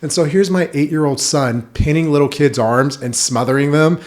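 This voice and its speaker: A man talking as a podcast guest in casual chat, telling lively stories and saying "like" a lot. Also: fairly high pitch, normal speed. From United States. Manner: animated storytelling, heavy use of "like".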